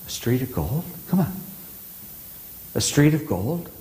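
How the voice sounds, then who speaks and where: A man's voice: mid-range voice, big pitch swings, measured pace, dark tone. A male pastor preaching a sermon in a church, talking conversationally and quizzing his congregation. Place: church sanctuary. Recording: echoey church hall.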